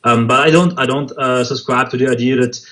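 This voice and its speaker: A man answering interview questions haltingly, searching for words and restarting often. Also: medium pitch, fairly even intonation, fairly bright tone, poor audio. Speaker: interview guest, movement spokesman.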